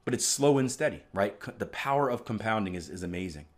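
A man's voice: on the low side, animated, fast talker. A man teaching about trading in a motivational way, emphatic and repetitive, often checking in with "right?". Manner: emphatic, repeats "right?" often, bursts of loud stress. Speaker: trading coach.

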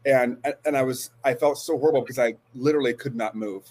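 A man's voice: mid-range voice, fast talker, darkish tone. A man in his forties, a guest, earnestly telling a personal story with frequent restarts and hesitations. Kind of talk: storytelling interview.

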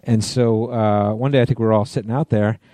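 A man's voice: lowish voice, fairly even intonation, brisk, warm tone, dry recording. A man co-hosting a podcast, telling rambling, profane stories full of "you know". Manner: rambling storyteller, lots of you-knows, swearing. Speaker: podcast co-host. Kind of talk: casual chat.

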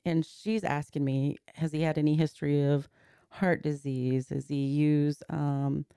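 A woman in her forties tells a personal story in a podcast conversation, walking through events one step at a time. Her voice is warm and darker in tone, with a gravelly edge. The sound is close and dry, with no room around it. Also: deep voice, little pitch movement, measured pace, dry recording. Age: 40s. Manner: earnest, recounting events step by step and voicing others' words. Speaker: podcast guest.

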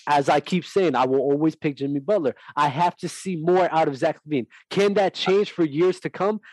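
A man's voice: fairly high pitch, moderate pace, darkish tone, dry recording, low-quality recording. A man co-hosting a heated sports debate podcast, blunt and firmly repeating his points. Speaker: podcast co-host.

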